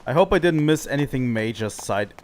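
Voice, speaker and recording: A man's voice: medium pitch, animated, a little fast, slight background noise. A young man streaming a video game, musing aloud and reading the game's dialogue, sometimes stumbling over words. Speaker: gaming streamer. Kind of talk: casual let's-play commentary, reading game dialogue aloud.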